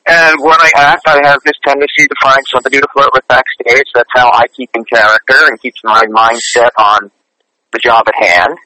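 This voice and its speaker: A man sits as a guest on an interview, telling his stories in an earnest, chatty way. His voice is very bright and forceful, and it sounds dry and close with no room behind it. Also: mid-range voice, steady tone, fairly quick, no echo, low-quality recording. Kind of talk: casual interview storytelling.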